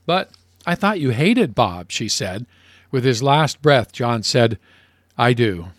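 A man's voice: mid-range voice, big pitch swings, takes it slowly, no echo, clean studio sound. Playful man telling radio jokes. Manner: playful joke-telling, laughs at own jokes. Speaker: radio show co-host.

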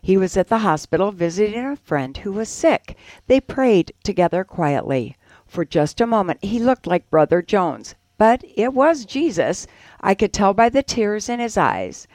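A woman co-host reads promotional copy and an inspirational piece with an expressive, lilting delivery. Her pitch moves widely while staying mid-range for a woman. She is recorded close and dry. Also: unhurried, no room sound. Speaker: radio co-host. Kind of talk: reading ads and an inspirational piece.

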